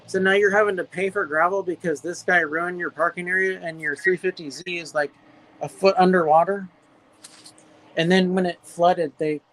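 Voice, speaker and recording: A man with a slightly high voice tells neighbor stories in a loose, animated way. He jumps up into shrill imitations of the people he quotes. He talks outdoors into a phone. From California. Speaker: livestream guest. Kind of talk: casual storytelling chat. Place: outdoors at his property.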